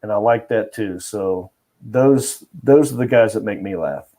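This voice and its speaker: A man's voice: on the low side, measured pace, mellow. A comedian guest telling a story in a casual chat, laughing often as he goes.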